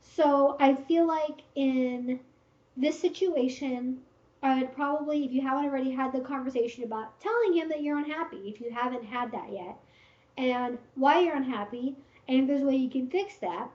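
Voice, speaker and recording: A woman's voice: high-pitched, normal speed. A woman hosting a casual livestream Q&A, giving frank, direct advice with lots of fillers. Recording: roomy, slightly dull stream audio.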